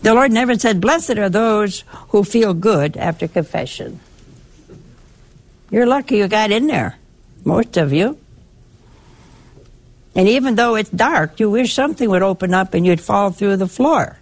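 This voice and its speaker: An older woman giving a sermon in a conversational, lively way, teasing and chiding her listeners affectionately. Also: medium pitch, unhurried, long pauses. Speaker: preacher.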